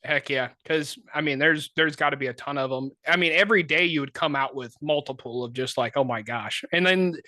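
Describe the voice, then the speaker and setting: A man co-hosting a podcast, telling casual, animated stories full of "like" and put-on voices. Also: fairly high pitch, a little fast, hardly any pauses, dry recording. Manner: animated, filler-heavy anecdotes with many put-on voices. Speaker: podcast co-host. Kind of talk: casual storytelling chat.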